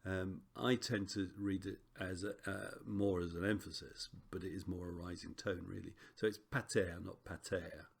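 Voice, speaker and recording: A man teaching a recorded Greek lesson, relaxed and chatty with frequent ums and self-corrections. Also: sits low, normal speed, gravelly, few pauses, slightly rough.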